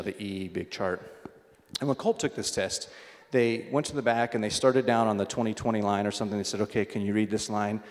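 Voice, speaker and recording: A man preaching a sermon as pastor, in a loose conversational way, telling stories between readings. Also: lowish voice. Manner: conversational, storytelling with small restarts. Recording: long hall reverb.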